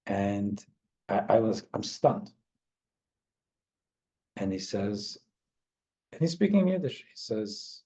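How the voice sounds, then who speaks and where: A middle-aged man, a rabbi teaching an informal class, telling a heartfelt story in a halting way. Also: lowish voice, sing-song, dark tone, husky. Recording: dull lo-fi recording.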